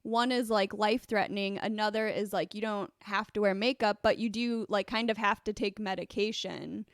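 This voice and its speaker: A woman's voice: mid-range voice, steady tone, normal speed, no room sound, clean studio sound. A woman co-hosting a podcast, recapping an episode in casual chat, with lots of filler words. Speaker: podcast co-host.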